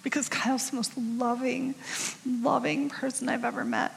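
A woman's voice: sits high, level tone, moderate pace, gravelly, slight background noise. A woman in her fifties gives a conversational sermon to a women's group, telling stories about herself with candid, self-deprecating humor. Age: 50s. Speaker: women's ministry speaker. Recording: long reverb of a large hall.

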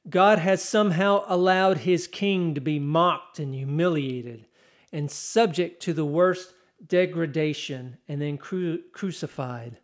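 Slow, dramatic male preacher. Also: on the high side. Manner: slow, dramatic reading of scripture with rising intensity. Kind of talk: sermon.

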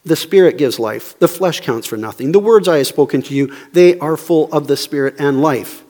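A man with a high-pitched voice preaches with fervor, dropping to near-hushed asides before rising again to impassioned, emphatic questions. His voice rings out with a long echo, as if it fills a large church sanctuary. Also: normal speed. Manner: swings between hushed, low asides and fervent raised preaching; emphatic, repetitive rhetorical questions. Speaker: pastor. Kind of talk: sermon. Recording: long reverb of a large hall.

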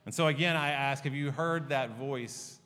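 A man preaching a sermon as a pastor, earnest and often dropping to a hushed, tender tone. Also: medium pitch, normal speed, a little hiss or hum. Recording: long reverb of a large hall.

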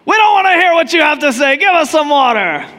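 A preacher voicing a thirsty, rowdy heckler who shouts and jeers. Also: male voice, very high voice, very animated, quick pace, voice pushed up, full character voice. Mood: jeering. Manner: shouting, jeering. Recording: long hall reverb.

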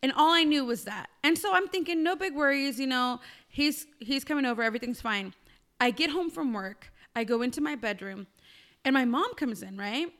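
High, bright woman telling a lively story. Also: normal speed. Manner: animated storyteller who acts out quoted dialogue. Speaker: podcast co-host. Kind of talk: casual storytelling chat.

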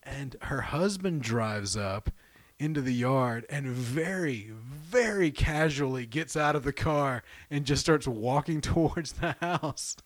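A man's voice: medium pitch, slow, no room sound. A middle-aged man with a drawl tells a story on a casual podcast. He swears freely and acts out the voices of the people in it. His voice is dry and close to the mic. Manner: animated storyteller, acts out quotes, laughs often, swears freely.

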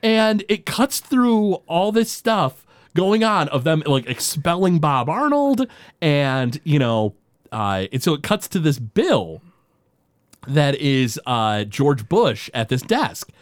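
A man's voice: on the high side, big pitch swings, slow pace, no room sound, studio quality. A man co-hosting a podcast, rambling through an episode recap with lots of filler words. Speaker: podcast co-host. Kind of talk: casual recap chat.

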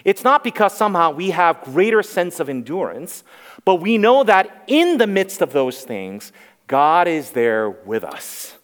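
A man in his forties preaches a sermon as a pastor, his fairly high voice sing-song and unhurried. He's earnest and emphatic, repeating key phrases, and the recording carries the echo of a reverberant hall.

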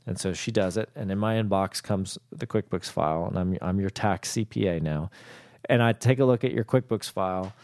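A man's voice: sits low, brisk, a little mellow, dry recording, clean studio sound. A man who works as a CPA, talking bluntly and casually to small business owners and acting out both sides of his calls with clients. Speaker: CPA and accounting firm owner.

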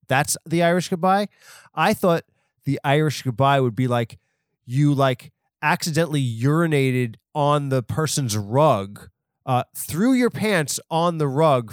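A man's voice: mid-range voice, no room sound, studio quality. Rambling man hosting a comedy podcast. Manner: rambling, self-interrupting, absurd tangents. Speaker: podcast host. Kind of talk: solo comedic podcast monologue.

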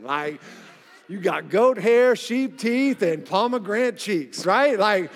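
Pastor, male, high voice, energetic and joking, recorded in a church with long reverb. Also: a little slow. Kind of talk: sermon. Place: church sanctuary.

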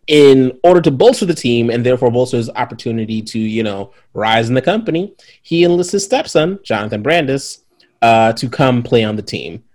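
Male podcast co-host, mid pitch, very lively intonation, frequent laughs. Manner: animated, laughs often, drawn-out sarcasm. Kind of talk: casual chat reviewing a movie.

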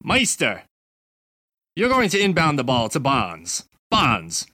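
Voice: mid-range voice, wildly swooping pitch, sharp tone, dry recording, clean studio sound, full character voice. A podcast host voicing a male basketball coach who barks out a play, with an accent that keeps drifting. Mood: commanding. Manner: barking quick instructions, shifting accent.

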